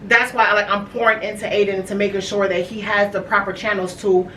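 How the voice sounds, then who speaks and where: A woman's voice: mid-range voice, flat delivery, a little fast, fairly bright tone. Casual woman host in an echoey room. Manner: storytelling, acts out quotes, many fillers. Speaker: podcast host. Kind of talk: casual chat. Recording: echoey room, mic far off, faint noise.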